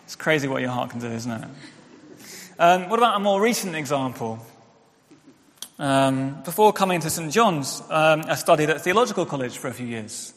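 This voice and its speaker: A man's voice: on the high side, animated, moderate pace. Conversational male preacher in a reverberant hall. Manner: candid, conversational preaching with self-deprecating asides. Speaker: pastor. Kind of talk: sermon. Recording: church hall with long reverb.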